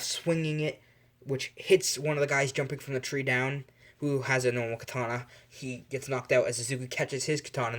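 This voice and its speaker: A man's voice: mid-range voice, a bit bright. A young man improvising a fan story aloud, rambling and correcting himself as he goes, with lots of fillers.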